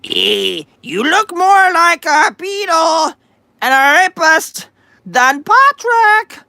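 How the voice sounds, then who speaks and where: A man's voice: very high voice, very animated, takes it slowly, creaky, bright, forceful tone, no echo. A man hosting a livestream, reading chat aloud with crude sarcasm and frequent hesitations. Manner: sarcastic, profane, hesitant with many uhs.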